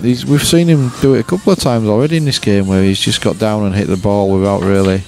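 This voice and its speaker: A man from England commentating live on a pool match, relaxed and chatty with his co-commentator. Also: on the low side, fast, over music. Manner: relaxed, chatty, self-mocking.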